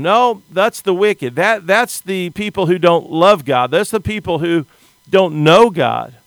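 A middle-aged American man preaches a sermon in an earnest, plain-spoken way, often stumbling on and repeating a sentence's opening words. His voice is smooth, clear, a bit bright and slightly high for a man, with lively intonation and a somewhat slow pace. The recording is close and dry, with no room sound or echo.

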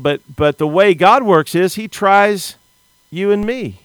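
A man's voice: sits high, unhurried, smooth, dry recording. Earnest middle-aged American man preaching. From United States. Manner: earnest, repeats words when starting sentences. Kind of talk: sermon.

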